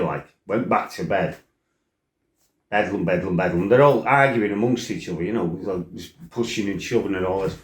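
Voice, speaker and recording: A deep-voiced, middle-aged man spins a rough personal tale in a casual monologue. His talk is blunt and peppered with swearing and side remarks. The recording has a roomy echo. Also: unhurried, pauses often. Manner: blunt, salty, swears freely, rambling asides. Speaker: former fighter telling his life story.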